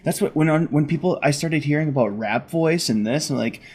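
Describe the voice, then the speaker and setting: A man's voice: fairly high pitch, normal speed, a little mellow, breathy edge. Chatty, enthusiastic male podcast host. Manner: enthusiastic and chatty, laughs often. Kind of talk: casual conversation.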